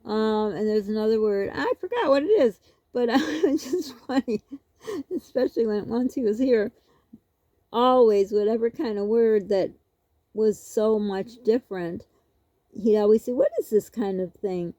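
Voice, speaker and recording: A woman's voice: on the high side, unhurried, warm tone, no room sound. A woman vlogger telling a rambling, casual story, laughing often as she goes.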